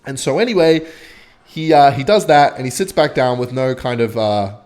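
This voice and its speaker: A young man telling a rambling, swear-filled story while commentating his own gameplay, with sudden excited outbursts. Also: mid-range voice, moderate pace. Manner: animated, swearing, bursts of excitement while playing. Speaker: gaming vlogger.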